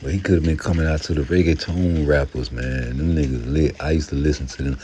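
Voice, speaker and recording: Deep dark voiced dude w/ ranting about boxing, cussing, rambling on. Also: male voice, steady tone, a little fast, slight background noise. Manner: profane, rambling, slips into mocking put-on voices. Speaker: boxing commentator. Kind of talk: casual rant to camera.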